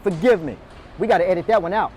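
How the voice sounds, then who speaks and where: A man with a high-pitched, fast voice gives a motivational talk, energetically calling on door-to-door salespeople in a live meeting room and quizzing them for answers. A little hiss or hum is audible.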